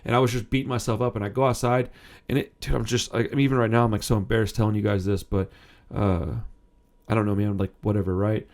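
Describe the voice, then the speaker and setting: A man's voice: lowish voice, little pitch movement, fast, a little mellow. A man in his thirties hosting a punk music channel, telling a personal story in a rambling, self-interrupting way and swearing casually.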